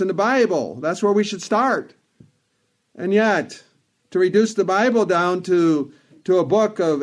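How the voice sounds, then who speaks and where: Guy preaching a sermon, kinda high voice, hammers his points home by repeating them. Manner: earnest, emphatic, repeats phrases for stress.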